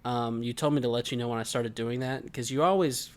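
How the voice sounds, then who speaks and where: A man's voice: mid-range voice, fairly even intonation, a little fast. A man in his twenties co-hosting a podcast, chatting casually with rambling, joking stories. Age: 20s. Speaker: podcast co-host. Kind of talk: casual chat.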